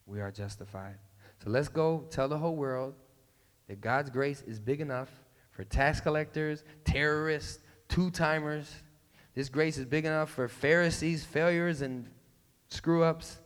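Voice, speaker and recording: A pastor giving a casual, playful sermon that breaks into emphatic bursts. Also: male voice, fairly high pitch, unhurried. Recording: long reverb in a large hall.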